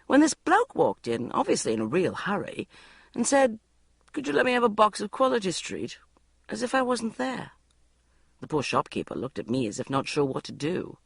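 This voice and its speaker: A woman's voice: on the low side, breathy edge, no echo. A woman narrating a comic first-person diary audiobook in a wry, self-mocking way.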